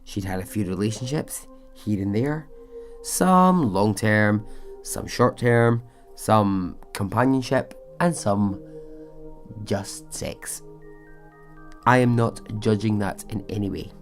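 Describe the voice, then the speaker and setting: A man's voice: lowish voice, expressive, a little slow, faint music behind. Chatty man telling a true story. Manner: chatty, conversational asides, frequent "you know". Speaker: podcast host and storyteller. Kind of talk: casual true-story narration.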